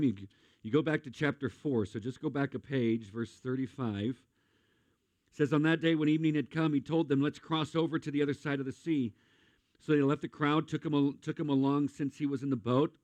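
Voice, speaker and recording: A man preaching a sermon in a lively, conversational way, with jokes and acted-out asides. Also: mid-range voice, a little fast, dry recording. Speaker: pastor.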